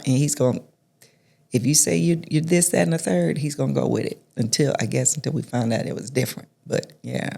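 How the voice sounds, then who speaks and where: A middle-aged woman, a guest in an interview, telling stories in a reflective, soft-spoken way with many restarts. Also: sits low, vocal fry, slightly rough. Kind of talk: conversational storytelling.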